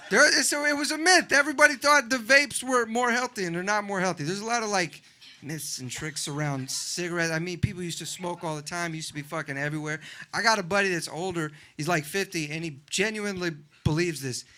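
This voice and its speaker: A young man doing a stand-up comedy set in a club, animated and acting out other people in loud voices. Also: high voice, brisk, slight background noise. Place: comedy club with a live audience.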